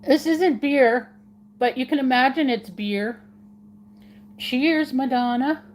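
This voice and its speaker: A woman's voice: high-pitched, takes it slowly, slight background noise. A woman hosting a casual live stream, chatting with viewers in a giggly, playful way and repeating words for fun.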